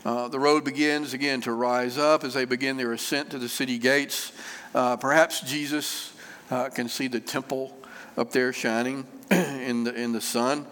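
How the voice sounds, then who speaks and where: A man preaching a sermon, unhurried and conversational, with frequent fillers and repeated phrases. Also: mid-range voice, fairly even intonation, a bit bright. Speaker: pastor. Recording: long reverb of a church hall.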